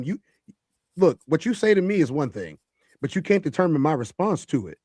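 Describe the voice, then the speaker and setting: A man leads a heated panel discussion. His voice sits a little high, and he talks emphatically, repeating phrases for stress. The sound is dry and close, with no room echo. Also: big pitch swings, a little fast, a little mellow, breathy edge.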